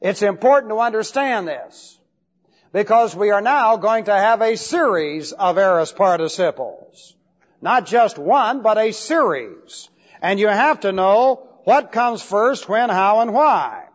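This male lecturer, explaining Bible Greek grammar to a class, speaks in a high-pitched, expressive voice and takes things a little slowly. He drives his points home by repeating them and spelling out important words. Audio quality is muffled and lo-fi, washed in long hall reverb.

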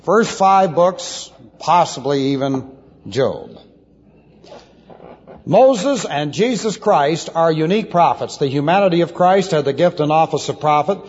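Pastor in a muffled, echoing hall. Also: male voice, fairly high pitch, animated, unhurried, a little mellow, slightly rough. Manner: spells out Hebrew and Greek words letter by letter, dry asides. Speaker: pastor teaching. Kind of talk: expository Bible teaching. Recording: dull lo-fi tape in a reverberant hall.

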